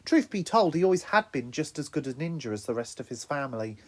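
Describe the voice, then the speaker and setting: A man narrating an audiobook, expressive storytelling. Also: fast. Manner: expressive storytelling with lively pitch.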